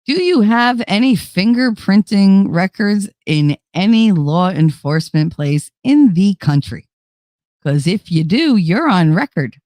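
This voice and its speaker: Reading chat and addressing viewers directly, a woman hosting a livestream chats casually, bluntly, and with free swearing. Her mid-range voice is expressive and a little mellow at a measured pace. The clean studio sound has no room sound.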